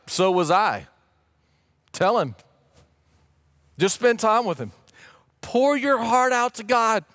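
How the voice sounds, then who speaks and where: Male pastor, sermon delivery, earnest and emphatic, higher voice, dry close sound. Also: big pitch swings, a little slow, long pauses, fairly bright tone, dry recording. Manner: earnest, emphatic, rising to pleading questions. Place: church stage or studio, streamed online.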